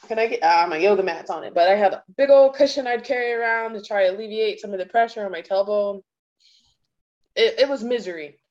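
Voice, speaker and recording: A frank woman guest speaking plainly in a conversational interview. Her voice sits at a middle pitch. The audio sounds a little dull and lo-fi, as if recorded remotely. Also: quick pace, darkish tone. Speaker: guest, violist and educator.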